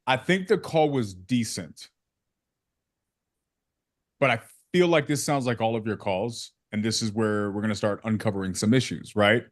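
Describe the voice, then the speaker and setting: A man's voice: lowish voice, moderate pace, dry recording, clean studio sound. A man giving direct sales-call feedback in a casual coaching session, using slang and acting out examples. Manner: casual slang, calls people bro.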